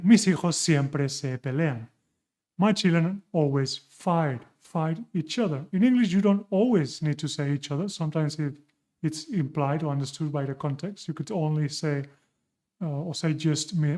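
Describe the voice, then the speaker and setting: A man's voice: on the high side, darkish tone. A man with a Spanish accent, a native Spanish speaker, explaining grammar in a patient online lesson and correcting his own slips as he goes. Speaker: Spanish teacher.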